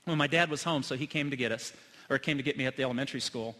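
Bright-voiced pastor in an echoing sanctuary. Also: male voice, mid-range voice, rapid-fire. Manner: earnest storytelling, swings from loud to hushed. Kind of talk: sermon. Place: church sanctuary. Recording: long hall reverb.

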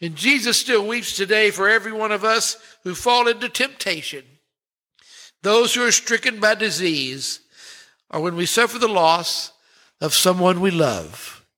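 A male pastor preaching a sermon, lingering on words with dramatic pauses and rising swells. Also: high voice, expressive, bright, forceful tone.

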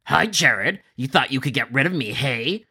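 A man's voice: mid-range voice, expressive, normal speed, noisy background, natural voice. A man voicing a rude, threatening male customer who taunts and swears. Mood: sneering. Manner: sneering, taunting.

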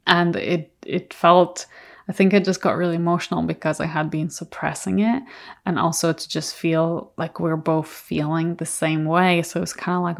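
A woman's voice: lowish voice, fairly even intonation, normal speed, creaky. A woman hosting a podcast, telling a personal story in an earnest, reflective way. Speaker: podcast host.

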